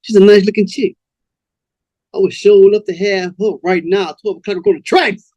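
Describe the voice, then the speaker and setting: A man voicing a smooth, cold-hearted male pimp who talks in a slow, cool, menacing drawl. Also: high-pitched, fairly even intonation, a little mellow, dry recording, pitched above the performer's own voice, close to an everyday voice.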